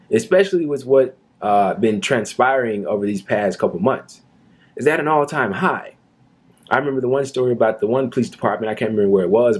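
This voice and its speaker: A man giving indignant reaction commentary on a news video, talking earnestly with frequent fillers like "um" and "you know.". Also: medium pitch.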